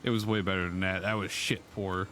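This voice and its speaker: A man's voice: deep voice, little pitch movement, brisk, a bit bright, a little hiss or hum. A tired, sick man co-hosting a laid-back gaming chat, laughing often. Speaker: gaming video co-host.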